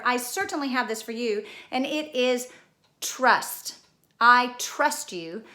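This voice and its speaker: In an echoey room, a female teacher runs a children's spelling lesson, turning everyday objects into small guessing games. Her slightly high voice carries a sharp tone, and her manner stays patient and playful.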